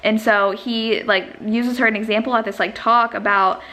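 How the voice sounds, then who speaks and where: A young woman with a bright, ringing voice chats through a casual vlog, rambling with lots of fillers and little gushes of enthusiasm. Her voice sits a touch high and carries a lively, forward tone. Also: normal speed. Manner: chatty, filler-heavy, gushing. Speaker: book vlogger.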